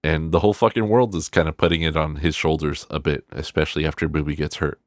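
Very deep-voiced man, dry close mic, loose profane film-review chatter. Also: quick pace, no room sound. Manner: rambling, profane, animated quoting of characters. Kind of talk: casual spoken film review.

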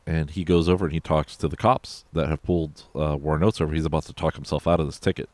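A man's voice: a bass voice, steady tone, quick pace, a little mellow, no room sound. A man casually recapping a movie in a loose, rambling and profane way, full of fillers and asides. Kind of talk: casual film recap chat.

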